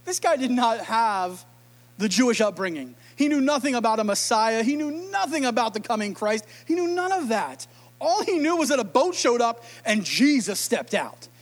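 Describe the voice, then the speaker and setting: Brief: an emotional, animated preacher with a very high voice, casual sermon. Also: male voice, moderate pace. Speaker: pastor.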